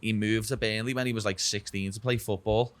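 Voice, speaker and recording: A young UFC fighter from Liverpool, England, guests on a podcast for a casual chat, his Scouse accent thick as he keeps saying "lad" and "know what I mean." His voice is fairly low and steady, a little fast, with no echo.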